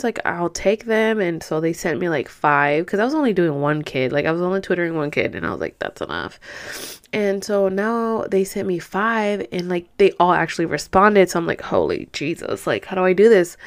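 Woman, young, casual podcast host, chatty, rambling, tired. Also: on the low side. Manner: chatty, rambling, says "girl" and "you know" a lot. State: tired, rubbing her eyes. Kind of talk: casual solo podcast chat.

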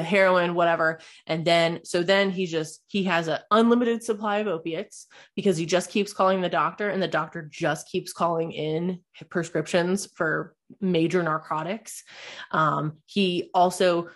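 A young adult woman, telling a personal story in a candid, rambling way, swearing freely and using lots of fillers. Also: on the low side.

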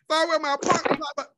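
High, bright-voiced man telling a profane story. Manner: profane, animated, lots of exclamations. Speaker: podcast host. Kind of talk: casual storytelling chat.

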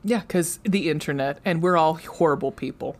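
A woman co-hosting a book club podcast in casual chat, bubbly and quick to laugh. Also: low-pitched, slight background noise. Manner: bubbly, laughs often, animated. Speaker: podcast co-host.

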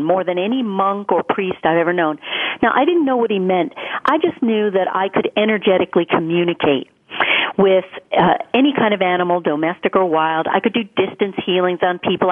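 A woman guest telling an earnest, animated personal story in an interview. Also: medium pitch. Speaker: guest author. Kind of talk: storytelling interview over the phone. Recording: tinny phone line.

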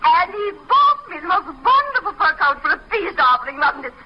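An actress playing a flighty, giggly glamorous client who gushes, in 1940s radio acting. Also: female voice, very high-pitched, very animated, fairly quick. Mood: gushing. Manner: gushing, giggly. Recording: muffled old radio recording with faint hiss.

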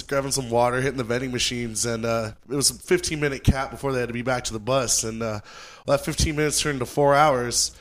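A young man tells a road story in an easygoing, rambling way, full of fillers and restarts. His voice sits at an ordinary middle pitch for a man, and the talk is casual and unscripted. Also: fairly bright tone. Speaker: guest storyteller, touring crew member.

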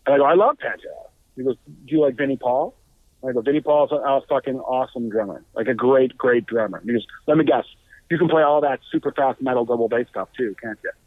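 A man who is a guest musician, telling stories casually, animated and halting, with restarts and swearing. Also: dry recording. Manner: animated, acts out quotes with raised pitch. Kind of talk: casual storytelling. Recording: tinny phone-like line.

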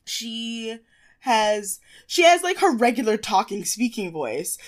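Giggly high-voiced young woman gossiping. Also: big pitch swings, takes it slowly. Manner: giggly, laughs often, gossipy, mimics voices. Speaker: podcast co-host. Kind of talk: casual chat recapping a TV show.

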